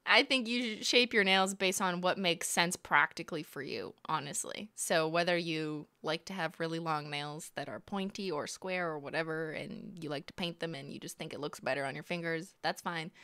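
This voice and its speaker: A woman's voice: fairly low pitch, sharp tone, no echo. A young woman from Canada giving casual, playful and sarcastic live-stream commentary as she reacts to videos, laughing often.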